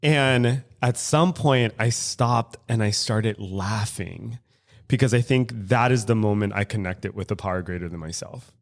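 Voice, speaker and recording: Animated, laughing male podcast guest. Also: on the low side, measured pace. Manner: animated storytelling, laughing often, swearing. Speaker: guest co-host. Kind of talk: casual podcast chat. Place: recovery club room in San Francisco.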